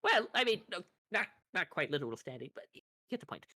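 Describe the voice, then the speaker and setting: Woman playing an eccentric wizard shopkeeper, rambling and grandiose, lively bright voice. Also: fairly low pitch, fast, no room sound, studio quality, exaggerated voice. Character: eccentric female wizard shopkeeper who awakens animals.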